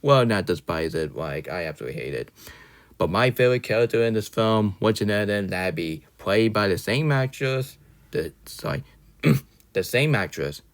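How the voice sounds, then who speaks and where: A man with a very low voice gives an offhand, opinionated film review. He rambles, backtracks with quick apologies, and slips into little rants. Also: expressive. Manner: rambling, often corrects himself with "sorry"; opinionated, ranting at times. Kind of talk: casual spoken movie review.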